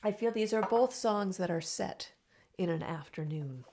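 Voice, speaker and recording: A woman's voice: mid-range voice, a little slow, a little mellow, a little hiss or hum. A young woman, a singer-songwriter hosting her weekly music show, chatting casually between songs in a rambling, storytelling way. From Canada. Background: her own acoustic guitar.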